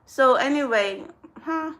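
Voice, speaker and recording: A woman's voice: high-pitched, expressive, slow pace, fairly bright tone. A young woman talking to her viewers in a casual get-ready-with-me vlog, blunt and rambling, swearing often. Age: young adult. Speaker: spiritual channel host.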